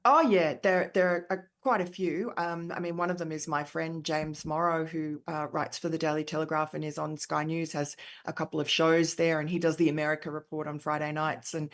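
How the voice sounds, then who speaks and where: Australian woman guest, low register, emphatic, filler-heavy, middle-aged. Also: steady tone, normal speed, hardly any pauses. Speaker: author and columnist guest. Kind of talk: conversational interview answers.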